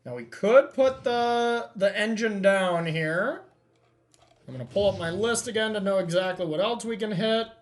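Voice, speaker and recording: A man hosting a card game session, thinking aloud as he counts and checks his plays in relaxed, self-amused commentary. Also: sits high, normal speed. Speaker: host playing a card game. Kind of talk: casual gameplay commentary.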